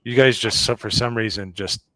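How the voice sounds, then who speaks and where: A man's voice: fairly low pitch, moderate pace, fairly bright tone, no echo. A man hosting a casual political talk show, joking and sarcastic with mock rants. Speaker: podcast host.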